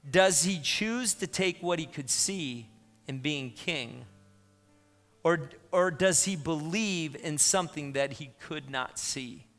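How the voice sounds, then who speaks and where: A man's voice: a little high, fairly bright tone, big-room sound. A man preaching a sermon as pastor, in an emphatic, conversational way with asides to the congregation. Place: church sanctuary.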